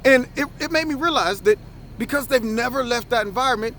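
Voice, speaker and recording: High pitched guy ranting about the news, worked up, tells stories with lots of energy. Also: fairly quick, a little hiss or hum. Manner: impassioned, animated storyteller. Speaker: commentator and former school principal. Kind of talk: opinion commentary with acted anecdotes.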